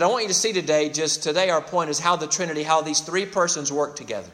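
A man's voice: on the high side, fast talker, a bit bright. Earnest male pastor preaching in a reverberant hall. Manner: earnest, emphatic preaching with frequent restarts and repeated words. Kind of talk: sermon.

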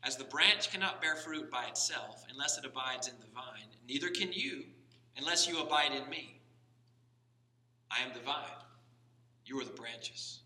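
A man's voice: medium pitch, animated, normal speed, bright, forceful tone. A man preaching a sermon as pastor, talking conversationally with frequent restarts and rising to emphatic stress. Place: church sanctuary. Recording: echoey church hall from far off.

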